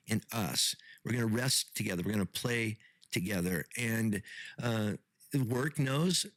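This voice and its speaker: A man's voice: medium pitch, a bit bright, no room sound, poor audio. A middle-aged man hosting a podcast as a pastor, talking casually with frequent restarts and repeated words.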